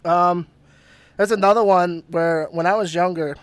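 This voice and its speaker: A man's voice: sits high, measured pace, clean tone, dry recording. A man hosting a podcast, telling a story casually with lots of swearing and laughter. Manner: profane, laughing, animated retelling. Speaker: podcast host.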